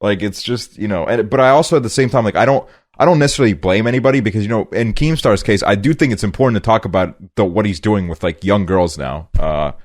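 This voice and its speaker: A man's voice: on the low side, fast, few pauses. A man hosting a podcast in casual chat, rambling with lots of fillers and freely swearing. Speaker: podcast host. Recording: quieter guest mic issue noted.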